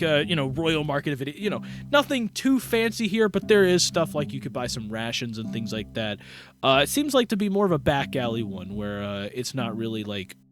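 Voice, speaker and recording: A young man narrating as game master of a tabletop game, rambling with lots of fillers and restarts. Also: mid-range voice.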